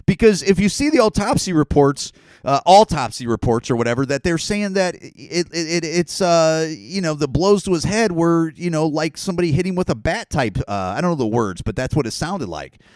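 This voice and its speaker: A man's voice: on the high side, lively intonation, moderate pace, darkish tone, dry recording. A man hosting a podcast alone, talking in a rambling, profane, sarcastic way. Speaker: podcast host. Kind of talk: casual solo podcast rant.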